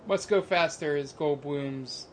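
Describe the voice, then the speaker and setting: A man on a casual podcast, making dry quips and laughing often. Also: unhurried. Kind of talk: casual chat. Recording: faint rumbling noise.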